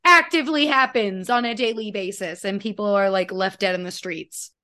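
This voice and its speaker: A woman's voice: medium pitch, normal speed, bright, forceful tone. A young woman co-hosting a podcast in casual chat, swearing and laughing as she talks. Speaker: podcast co-host.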